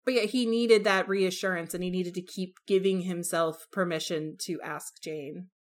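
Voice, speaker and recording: Animated woman chatting about a book. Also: lowish voice, moderate pace. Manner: animated, acts out characters' lines. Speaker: podcast co-host. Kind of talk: casual book discussion.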